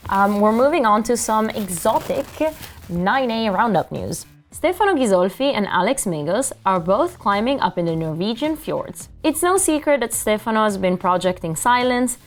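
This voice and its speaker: A woman's voice: medium pitch, expressive, normal speed, soft background music. A woman co-hosting a climbing news show, reading reports and chatting with her co-host.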